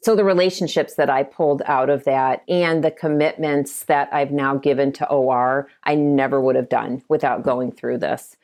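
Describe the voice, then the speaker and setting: A woman's voice: rumbling low, steady tone, normal speed, few pauses, darkish tone. A middle-aged woman from Ohio, a realtor and broker, telling stories in a casual interview and acting out the quotes. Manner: chatty storytelling, acts out quotes. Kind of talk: conversational interview.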